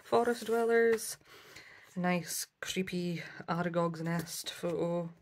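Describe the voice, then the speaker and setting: Slow-talking woman showing a craft haul. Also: fairly low pitch, a little hiss or hum. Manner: chatty, many ums, self-correcting. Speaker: craft vlogger. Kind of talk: casual show-and-tell haul.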